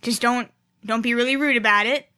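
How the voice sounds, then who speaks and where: A high, bright young woman talking fast and chattily in a podcast interview. She is animated and keeps acting out what fans say to her. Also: smooth. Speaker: guest cosplayer.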